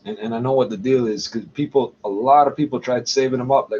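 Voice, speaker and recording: A man's voice: mid-range voice, steady tone, quick pace, mellow, lo-fi sound, a little hiss or hum. A man rambling profanely to camera in a casual monologue, muttering asides and tagging lines with "eh?". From Canada. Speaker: vlogger.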